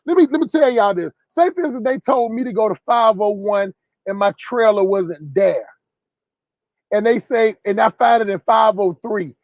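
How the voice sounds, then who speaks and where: A man's voice: high-pitched, normal speed, dry recording, dull audio. Profane storytelling man, dry sound. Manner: animated, profane, addresses viewers as y'all. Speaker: truck driver. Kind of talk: storytelling vlog.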